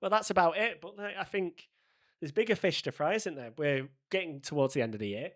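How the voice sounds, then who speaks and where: A man tells a travel story in a casual podcast chat. His voice sits a little high, and he plays out every exchange he recounts in an animated way. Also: fairly quick. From Manchester, England. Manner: animated, acts out quoted voices in his anecdotes. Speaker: podcast co-host.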